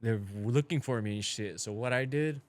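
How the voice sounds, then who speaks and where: A man from Brazil, a podcast guest, telling a long story in a casual, profane, animated way and acting out the people in it. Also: mid-range voice, fairly quick. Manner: profane, animated, acts out quoted voices.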